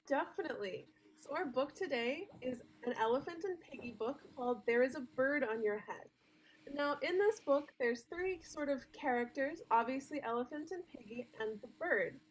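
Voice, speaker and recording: High-voiced woman explaining music to kids. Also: poor audio. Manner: friendly, clear teacherly explaining. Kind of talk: children's music lesson, explaining.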